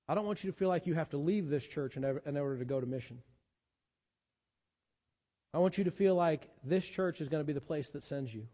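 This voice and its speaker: Earnest pastor preaching in a reverberant church. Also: male voice, a little high, dark tone. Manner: earnest, repeats words when searching for the next one. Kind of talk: sermon. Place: church sanctuary.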